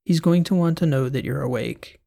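Male reader as a steady, coaxing doctor in a sci-fi audiobook, gravelly tone. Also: mid-range voice, moderate pace, natural voice. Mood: patient. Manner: patient, coaxing. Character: calm male hospital doctor, patient. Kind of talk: audiobook character voice.

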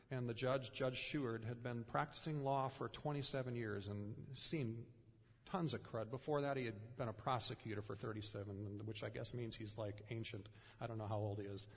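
A man preaching a sermon in an earnest way, pausing often and letting his voice drop softly at the ends of phrases. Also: mid-range voice, slightly rough, long reverb tail. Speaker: pastor.

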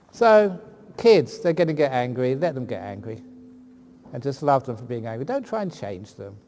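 A man's voice: medium pitch, big pitch swings, a little slow, long pauses, a little mellow. A man who is a Buddhist monk, answering audience questions with jokes and anecdotes. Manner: joking, anecdotal storyteller. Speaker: Buddhist monk giving a dharma talk. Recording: long hall reverb, faint ambient noise.

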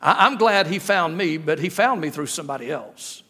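His voice is fairly high, expressive, bright and forceful, with a husky quality, and he speaks at a normal speed. The middle-aged man is a guest preacher giving a sermon in a church sanctuary, using humorous stories and repeated rhetorical questions, recorded in an echoey hall with long reverb.

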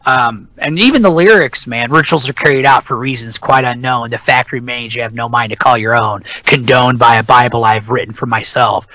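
A man's voice: medium pitch, brisk, hardly any pauses, bright, forceful tone, no echo, rough recording. A middle-aged man chatting casually as a podcast co-host, rambling and swearing freely. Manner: rambling, profane, ranting. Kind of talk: casual chat about metal albums.

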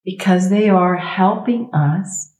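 A middle-aged woman, a sound healer speaking as a guest in a conversational interview, expressive and emphatic, leaning on slow repetitions. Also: mid-range voice, echoey room. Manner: expressive, acts out inner thoughts in quoted voices.

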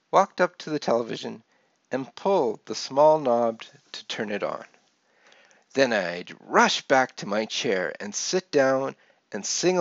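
Slow, gravelly man reading his memoir. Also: mid-range voice, dry recording. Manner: gentle storytelling, lively voices for quoted people. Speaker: author reading his book. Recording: dull lo-fi dry recording.

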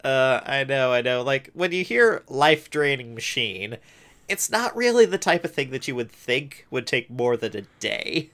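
A man co-hosts a recap show in easygoing chat. His pitch is middling and his delivery stays conversational. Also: lively intonation, moderate pace, a bit bright. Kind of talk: casual chat.

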